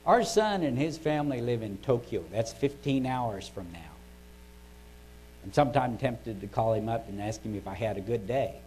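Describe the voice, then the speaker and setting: Older man, devotional talk, mid-pitched voice, folksy, chatty, frequent throat-clearing, faint hum behind. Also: animated, measured pace, long pauses, a little mellow, rough recording. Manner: conversational and folksy, often clears his throat. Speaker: devotional speaker.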